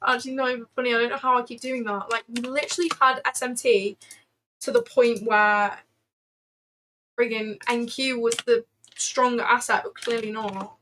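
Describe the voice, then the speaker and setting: A woman hosts a casual trading livestream, chatting freely, leaning on fillers, and answering viewers' questions aloud as they come in. Her voice is fairly high and a bit bright, with a moderate pace and fairly even intonation, and there's slight background noise.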